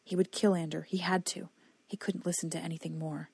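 A woman reading a novel aloud as audiobook narrator in steady storytelling. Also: on the low side, a little fast, creaky, breathy edge. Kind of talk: scripted narration.

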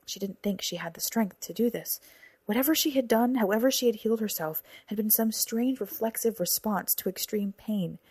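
A woman reads a novel aloud as an audiobook narrator, acting out the characters with whispers and a raised voice in scripted narration. Her medium-pitched voice is a little mellow with a breathy edge, at normal speed and without echo.

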